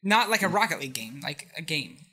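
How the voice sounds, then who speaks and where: A podcast co-host in casual chat, excitable and rambling, laughing often. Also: medium pitch, brisk.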